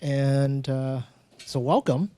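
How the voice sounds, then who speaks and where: A man hosting a live storytelling event on stage, talking in a relaxed, conversational way and acting out little exchanges from his own stories. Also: medium pitch, slow, no room sound. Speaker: host of a live storytelling show.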